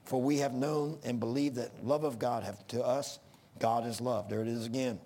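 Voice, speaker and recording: A man's voice: medium pitch, steady tone, normal speed, warm tone. A middle-aged man preaching a sermon in an earnest, folksy way that rises to emphatic bursts.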